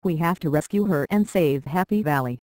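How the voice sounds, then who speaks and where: A good-natured cartoon dog farmer, male and easygoing, as a storybook narrator reads him. The delivery is steady and mid-range, with a dry, close recording. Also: mid-range voice, moderate pace, no room sound, lightly acted. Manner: plain read-aloud dialogue. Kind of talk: storybook reading.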